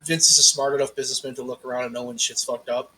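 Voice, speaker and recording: A man co-hosting a podcast in casual chat, swearing freely and telling animated stories with acted-out quotes. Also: mid-range voice, very fast, slight background noise. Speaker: podcast co-host.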